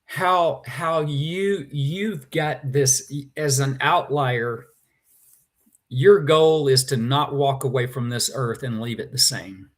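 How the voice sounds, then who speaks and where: A man's voice: mid-range voice, slow. A man, a guest in a conversation, telling a personal story with feeling and animation.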